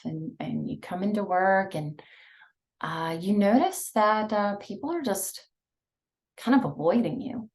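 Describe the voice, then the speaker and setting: A woman leading a guided breathing and visualization exercise, talking softly and soothingly with many pauses. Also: fairly low pitch, lively intonation. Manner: slow, soft, soothing guidance with many pauses. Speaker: mindfulness instructor.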